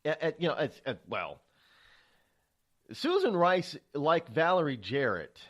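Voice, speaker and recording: A man's voice: a little high, very animated, unhurried. A man hosting a political talk radio show, rambling and stammering through a monologue with many restarts.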